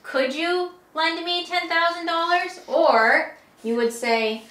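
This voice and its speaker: A woman's voice: extremely high pitch, takes it slowly, a bit bright, reverberant, slight background noise. A woman teaching English grammar, patiently explaining each point step by step with examples.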